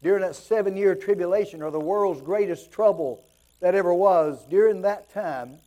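High-voiced, mellow-toned preaching man. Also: moderate pace. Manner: impassioned preaching with rhetorical questions. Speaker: pastor. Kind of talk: sermon.

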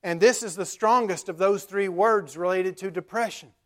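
A man's voice: high voice, moderate pace. A male pastor preaching a sermon, retelling scripture in plain everyday words with a conversational manner and frequent filler sounds.

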